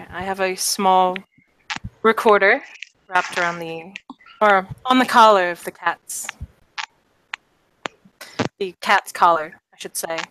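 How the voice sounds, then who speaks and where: A prim, composed lady in a suit , played by a woman, smoothly brushing off awkward questions. Her voice is bright and crisp, with a faint hiss in the background. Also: mid-range voice, low-quality recording. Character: poised suited woman, prim and evasive.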